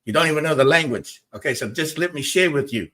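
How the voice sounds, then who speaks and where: A man's voice: on the high side, lively intonation, fast talker, sharp tone. A man hosting a spiritual talk show, speaking emphatically and repetitively and arguing with his viewers. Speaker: host.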